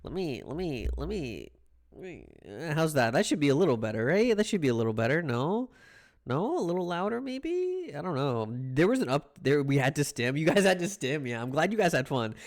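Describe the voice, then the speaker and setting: A man's voice: mid-range voice, very animated, brisk. A man chatting casually on a live stream, playful and rambling, greeting his chat over and over.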